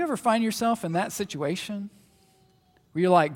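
A man preaching a sermon in a conversational way, shifting between loud emphatic asides and quiet reflection. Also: high-pitched, moderate pace, long pauses. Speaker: pastor. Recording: long hall reverb.

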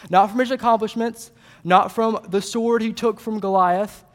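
A man preaching a sermon, retelling a Bible story in lively casual paraphrase and voicing its characters. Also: sits high, normal speed. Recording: long hall reverb.

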